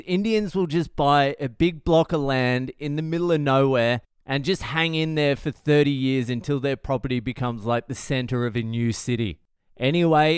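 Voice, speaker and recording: A man's voice: a little high, clean tone, dry recording, clean studio sound. Profane, rambling man. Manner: profane, rambling, jokey storytelling. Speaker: comedian and podcast host. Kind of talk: casual monologue podcast.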